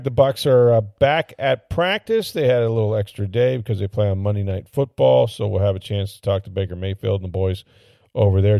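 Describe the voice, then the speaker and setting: A man's voice: fairly low pitch, gravelly, warm tone, no echo, studio quality. A man hosting a sports podcast, talking casually and easygoing with filler words.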